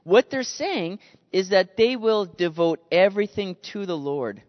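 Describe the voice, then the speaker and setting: A man preaching a sermon in an animated way, acting out the voices he quotes. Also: sits high, measured pace. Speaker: pastor. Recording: dull lo-fi sound with long reverb.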